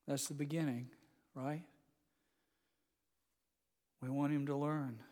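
A man in his sixties delivering a sermon with a fairly high voice. He moves between ringing, emphatic proclamations and soft, close storytelling, and a long reverb trails his words. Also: steady tone, slow, pauses often. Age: 60s. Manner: swings from loud emphatic declarations to hushed intimate storytelling. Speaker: pastor.

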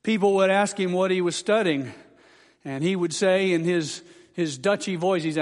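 A pastor with a high, ringing voice preaches an emphatic sermon. He builds to rousing questions and slows for weight. The words hang in the long reverb of a church sanctuary.

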